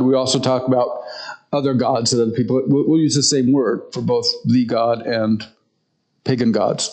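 A man preaching a conversational sermon, retelling a story in a relaxed way and often restarting his sentences. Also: medium pitch, rough recording.

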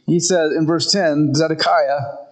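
A man preaching a conversational sermon, retelling a story in a relaxed way and often restarting his sentences. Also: fairly high pitch, measured pace, poor audio.

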